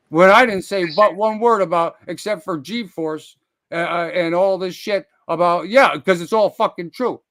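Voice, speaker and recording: A man hosting his own live stream, ranting heatedly, full of profanity, rambling with restarts and sudden loud outbursts as he calls people out. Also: sits high, measured pace, no room sound.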